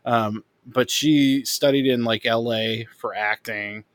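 A man's voice: medium pitch, steady tone, slow pace. A man co-hosting a podcast in casual chat, rambling and speculating as he talks. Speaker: podcast co-host.

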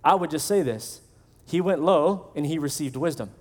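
A man's voice: a little high, normal speed, a little mellow. A male pastor preaching a sermon in a conversational way, acting out the voices of the people he quotes.

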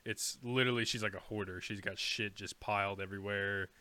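A man's voice: lowish voice, steady tone, brisk, sharp tone, smooth, dry recording. A young man co-hosting a podcast, telling stories bluntly and with animation in casual chat. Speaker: podcast co-host.

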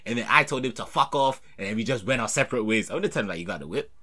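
A young man, co-hosting a podcast with animated, slangy storytelling over a video call. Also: medium pitch, rapid-fire. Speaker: podcast co-host. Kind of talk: casual chat.

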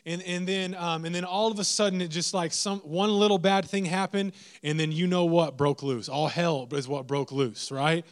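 Young male preacher, animated, self-mocking storyteller, slightly high voice. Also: moderate pace, hardly any pauses. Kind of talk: storytelling sermon.

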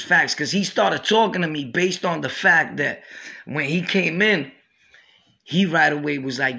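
A man's voice: on the high side, unhurried, vocal fry, pushed and bright. A man from Brooklyn with a New York accent, hosting a podcast and telling stories in streetwise slang, often saying "you know what I'm saying". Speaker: podcast host. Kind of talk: storytelling.

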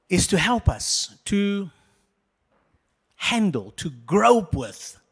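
A male pastor preaching a sermon in an animated, jokey way, addressing the congregation. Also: high-pitched, in a large hall.

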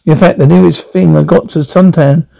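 A man's voice: on the high side, fairly even intonation, moderate pace, vocal fry, warm tone, rough recording. A middle-aged man with a Glasgow Scottish accent, blustering and rambling coarsely through a scripted comic monologue. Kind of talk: scripted comedy performance.

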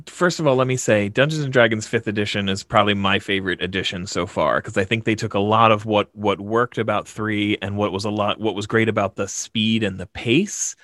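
A man, a game master, casually telling an animated, self-deprecating story in conversation. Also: on the low side, a little fast, hardly any pauses, no room sound, clean studio sound.

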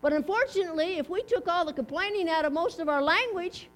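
Folksy high-voiced woman preaching. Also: quick pace. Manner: folksy, chatty, asks the audience questions. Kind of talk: casual sermon. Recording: mains hum underneath.

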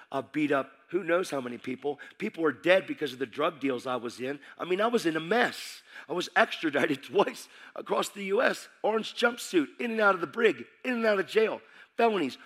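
A man's voice: fairly high pitch, fairly bright tone. A middle-aged man preaching his testimony as a sermon, telling his story intensely and acting out the dialogue.

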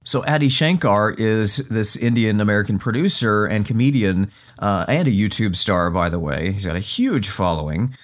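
A man's voice: on the low side, animated, moderate pace. A man hosting a podcast, chatting casually with lots of fillers while losing his voice. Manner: chatty, frequent fillers and restarts. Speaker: podcast host.

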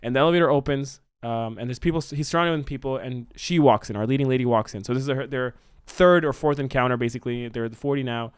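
A man talks fast and loosely, piling up fillers as he pitches a movie scene to his co-host. His voice is smooth and clear. The sound is close and dry. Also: no room sound. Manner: animated, rambling storytelling with many fillers. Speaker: podcast co-host. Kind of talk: casual brainstorming chat.

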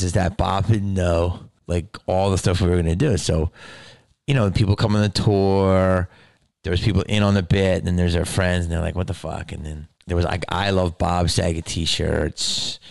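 Gravelly low-voiced man telling stories. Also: no room sound, clean studio sound. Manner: swearing, animated, laughs often. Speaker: podcast host. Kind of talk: casual storytelling.

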